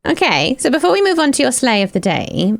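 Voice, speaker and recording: A woman hosting a podcast, giggly and eager with quick reactions. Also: high voice, wildly swooping pitch, vocal fry, no room sound. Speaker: podcast host. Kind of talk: casual chat.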